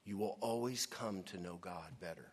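A male pastor preaching a sermon, emphatic, with dramatic pauses, sometimes dropping to a hush. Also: sits low, husky.

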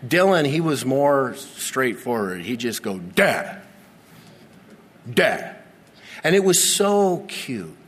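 A man in his forties preaching a sermon, earnest and repetitive, with dramatic slow pauses. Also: medium pitch, very animated. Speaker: pastor. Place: church sanctuary. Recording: long reverb of a large church hall.

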